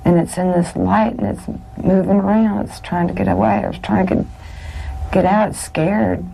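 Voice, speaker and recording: A young woman under hypnosis, describing what she sees in a halting, hesitant way. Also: mid-range voice, steady tone, creaky, warm tone, a little hiss or hum, rough recording. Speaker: hypnosis subject.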